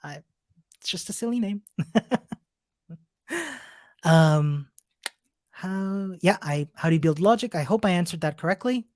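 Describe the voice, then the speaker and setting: A man's voice: high-pitched, animated, measured pace, long pauses, darkish tone, dry recording, studio quality. Upbeat man cheering on coding students. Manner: upbeat, encouraging, chatty with frequent restarts; laughs often between remarks. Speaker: coding bootcamp instructor. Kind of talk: live-stream class wrap-up and Q&A.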